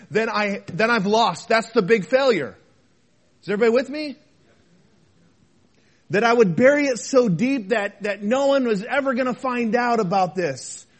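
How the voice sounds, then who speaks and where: A pastor with a high-pitched male voice delivers a sermon, addressing the congregation conversationally and posing rhetorical questions. He alternates between loud, emphatic lines and soft, quiet asides.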